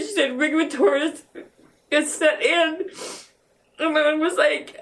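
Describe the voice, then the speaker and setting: A middle-aged woman telling an emotional personal account in a halting way, with many restarts, as an interview guest. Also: very high-pitched, fairly bright tone, far from the mic. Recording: voice set back from the mic.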